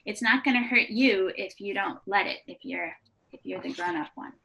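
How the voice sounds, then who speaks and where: A woman giving an online workshop to early childhood educators, chatting in a warm, conversational way with frequent restarts and light laughs over a video call microphone. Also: mid-range voice, moderate pace, gravelly, a little hiss or hum. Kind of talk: live online presentation.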